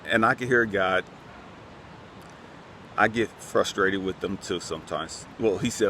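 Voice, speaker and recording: A man's voice: on the low side, a little slow, long pauses, bright, forceful tone, a little hiss or hum. A man hosting his own channel, speaking earnestly in a casual heart-to-heart talk to his viewers outdoors. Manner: earnest, conversational, keeps repeating a refrain. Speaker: channel host.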